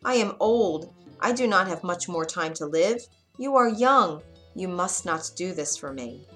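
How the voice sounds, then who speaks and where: Here is a gentle, fretful old father with a voice raised higher and louder than the storyteller's usual tone, as a woman reads him in a storybook. He pleads anxiously and sounds easily flustered. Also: lively intonation, unhurried, faint music behind. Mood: distressed.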